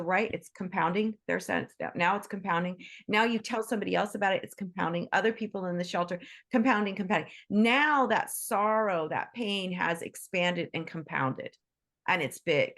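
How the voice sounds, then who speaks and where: A woman's voice: medium pitch, moderate pace, a bit bright. A woman hosting an online group session, talking in an enthusiastic, chatty way with many restarts and asides. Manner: acts out quoted voices in bursts. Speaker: workshop host. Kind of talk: casual talk to an online group.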